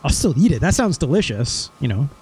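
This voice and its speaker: A man's voice: on the high side, big pitch swings, fairly quick, darkish tone, slightly rough, soft background music. A male streamer in casual gameplay commentary. He chats while he plays and mutters mild curses when things go wrong.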